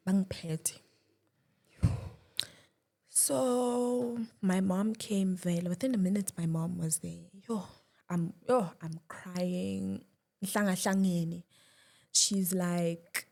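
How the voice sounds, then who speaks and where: Husky woman telling her story. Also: on the low side, fairly even intonation, slow, pauses often. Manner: shifts between loud and hushed, restarts. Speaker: guest. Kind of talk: emotional personal story.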